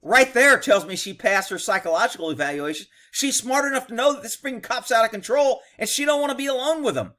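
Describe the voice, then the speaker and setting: A man's voice: extremely high pitch, animated, fast talker, hardly any pauses, sharp tone. A man, a former police officer, giving blunt, profane, indignant commentary on a video. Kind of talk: reaction commentary.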